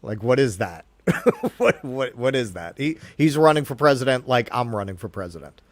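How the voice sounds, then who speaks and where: A man from New York co-hosting a casual political chat stream, talking in an animated, indignant way with lots of swearing. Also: mid-range voice, moderate pace, dry recording. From New York, Queens. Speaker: co-host.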